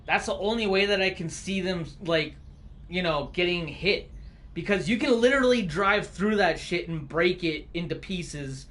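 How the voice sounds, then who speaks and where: A man's voice: sits high, moderate pace, fairly bright tone. A man streaming live, ranting casually about bad drivers with constant swearing and rambling filler words. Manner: profane, rambling, heavy on fillers. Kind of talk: casual rant.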